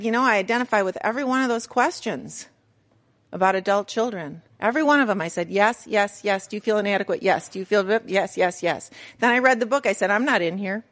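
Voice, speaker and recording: A woman's voice: medium pitch, fairly bright tone. A middle-aged woman giving a candid personal testimony to a recovery group, storytelling with self-mocking humor. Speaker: recovery meeting speaker.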